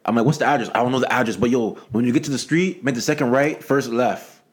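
A man's voice: medium pitch, quick pace. A man in casual chat, telling stories and acting out the people in them. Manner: animated storyteller, acts out quoted people.

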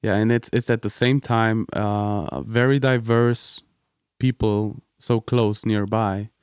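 A man's voice: lowish voice, fairly even intonation, takes it slowly, a little mellow, clean tone, no room sound, clean studio sound. A man from Europe who is not a native English speaker, talking as a guest and searching for his words. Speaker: podcast guest. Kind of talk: casual conversation.

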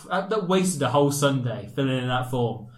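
A man's voice: medium pitch, animated, a little slow, roomy sound. A man co-hosting a casual comedy podcast, reading aloud with sarcastic asides and frequent laughter. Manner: wry, sarcastic, laughs often. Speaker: podcast co-host.

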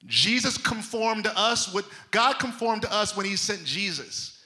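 A man's voice: high voice, expressive, unhurried, pushed and bright. A man preaching a sermon, emphatic and conversational, with a folksy manner of speaking to his congregation. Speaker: pastor.

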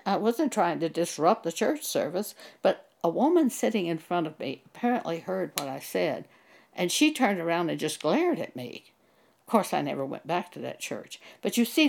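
A woman's voice: fairly low pitch, big pitch swings, moderate pace, creaky, darkish tone. An older woman giving an earnest, emphatic Bible teaching, quoting scripture and telling of her own church experiences.

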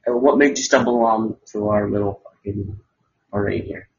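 In dull lo-fi audio, a man hosting a podcast talks in a gravelly, fairly low voice with fairly even intonation at normal speed. His casual crude chat rambles, leans sarcastic and swears freely.

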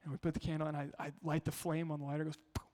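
A man's voice: on the high side, flat delivery, rapid-fire, warm tone. A male pastor preaching a sermon, telling family stories in a conversational way and asking the congregation rhetorical questions. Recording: long hall reverb.

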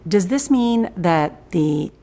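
A woman TV interviewer putting a pointed, deliberate question in a broadcast interview. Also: on the low side, expressive, warm tone.

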